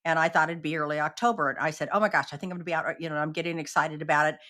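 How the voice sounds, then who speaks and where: A woman's voice: low-pitched, fairly even intonation, very fast, bright, forceful tone. A woman guest on an interview podcast telling a personal story earnestly and acting out the quoted exchanges.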